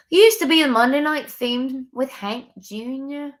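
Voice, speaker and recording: High-voiced bubbly woman chatting. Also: lively intonation, a little slow, hardly any pauses. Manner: bubbly, chatty, talks to viewers. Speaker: sports podcast host. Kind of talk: casual live-stream chat. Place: home room near window.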